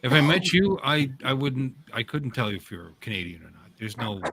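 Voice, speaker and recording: A man's voice: medium pitch, sing-song, normal speed, background noise. Joking, rambling male host on a call. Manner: joking, rambling, greets callers by name. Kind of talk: casual chat on a group video call.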